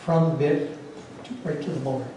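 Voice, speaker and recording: A man's voice: a little high, steady tone, fairly quick. A man presenting a hands-on workshop demonstration to a club, answering audience questions in a plainspoken, practical way. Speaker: club presenter teaching routing. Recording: very echoey room, voice from far off, faint noise.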